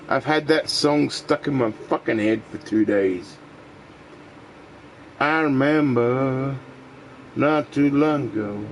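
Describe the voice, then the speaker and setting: A man's voice: mid-range voice, slow pace, long pauses, lo-fi sound, slight background noise. A man from Australia with an Australian accent, ranting profanely and opinionated while playing a game. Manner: profane, opinionated, mocking voices in quotes. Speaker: gaming streamer. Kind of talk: rambling casual rant while gaming.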